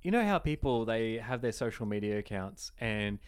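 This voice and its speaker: A man's voice: fairly low pitch, animated, moderate pace, smooth. A young man, co-hosting a casual chat in a teasing, wry way. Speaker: podcast co-host.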